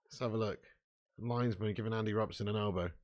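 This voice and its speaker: A man's voice: on the low side, fairly even intonation, fast talker, darkish tone, a little hiss or hum. A man hosting a live football watch-along. He reads chat comments aloud and talks in a casual, sweary way. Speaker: fan channel host.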